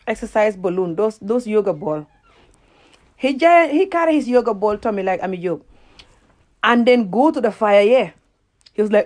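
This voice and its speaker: A woman's voice: mid-range voice, expressive, moderate pace, a little mellow. A Gambian woman whose first language is Wolof, ranting casually in a video, often laughing at herself and repeating words as she searches for them. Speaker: vlogger. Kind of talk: casual reaction rant.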